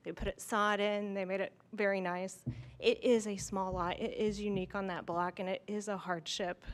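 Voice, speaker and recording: A woman giving public comment as a neighbor at a town meeting, speaking warmly and sincerely in support. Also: mid-range voice, flat delivery, normal speed. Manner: heartfelt, warm toward her neighbor. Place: town hall meeting room.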